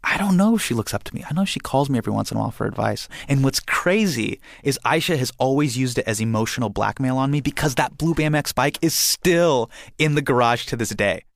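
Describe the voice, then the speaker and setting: Young guy with a gravelly voice telling a family story, really animated, does everyone's voices. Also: medium pitch, fast talker, few pauses, dry recording. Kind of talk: personal storytelling.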